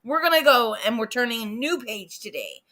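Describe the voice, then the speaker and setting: A woman hosting a casual livestream, excitable and chatty, jumping from loud exclamations to quiet muttering. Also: on the high side, fairly quick. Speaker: livestream host.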